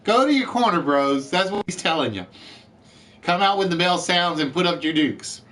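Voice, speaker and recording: A man's voice: high-pitched, lively intonation, moderate pace, a bit bright. A man hosting a live-streamed word game show, chatty, reading out letters and scores and joking with the players.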